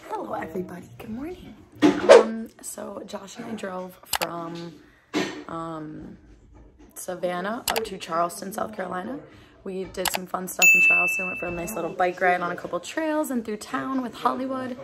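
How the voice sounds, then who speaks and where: A woman's voice: on the low side, moderate pace, gravelly, heavy background noise. A young woman vlogger talking casually to her camera, with lots of ums, out on a hiking trail. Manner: chatty, many ums. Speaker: vanlife vlogger. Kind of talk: casual vlog chat.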